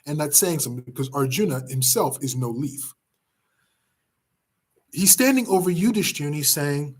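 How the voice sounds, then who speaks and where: A man teaching a class by retelling an epic story in a dramatic, emphatic way with pauses. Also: a little high, animated, breathy edge. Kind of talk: storytelling lesson.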